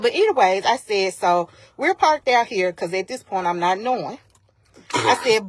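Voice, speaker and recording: A woman on a live stream, emphatically retelling an incident in casual storytelling and acting out the dialogue. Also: mid-range voice. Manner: animated, emphatic, acts out quoted dialogue. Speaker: vlogger retelling a personal incident. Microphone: phone on a live stream.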